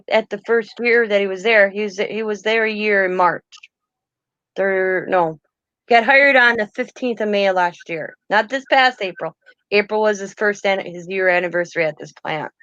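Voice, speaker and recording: A woman's voice: mid-range voice, normal speed, fairly bright tone, no room sound. Brief: middle-aged woman, chatty host, rambles and self-corrects; slightly dull, dry recording. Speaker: host of a crafting chat. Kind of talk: casual chat.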